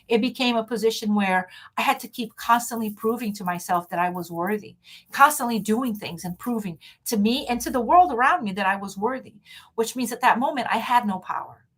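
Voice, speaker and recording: A woman's voice: fairly high pitch, animated, brisk, fairly bright tone. A woman hosting a motivational talk over a video call, speaking frankly and emphatically with self-assurance. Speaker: host.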